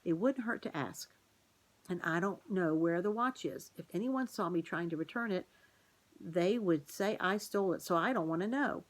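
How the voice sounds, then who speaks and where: A woman's voice: on the low side, normal speed, close to an everyday voice. A woman doing a stubborn young boy.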